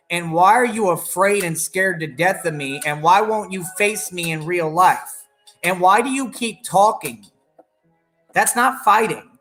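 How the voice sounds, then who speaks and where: A man's voice: sits high, a bit bright, reverberant. A man hosting an online radio show, ranting in a defiant, boastful and profane way at his critics. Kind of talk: ranting live-stream monologue.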